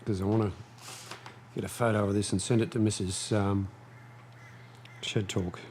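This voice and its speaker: A man hosting a casual live stream from his shed, chatting slowly and snapping commands at his dogs. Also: fairly low pitch, flat delivery, a little hiss or hum. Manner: slow, chatty, scolding his dogs in sharp bursts. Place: home workshop shed.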